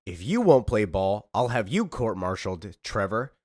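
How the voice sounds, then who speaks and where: A man's voice: on the low side, sing-song, normal speed, a little mellow, dry recording, clean studio sound. A man voicing an angry, blustering male military commander.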